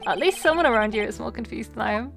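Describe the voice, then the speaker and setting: Lady reading as a calm sarcastic young lawyer guy, highish voice, faint music under it. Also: fast talker, gravelly. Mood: questioning. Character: composed young male prosecutor, dry.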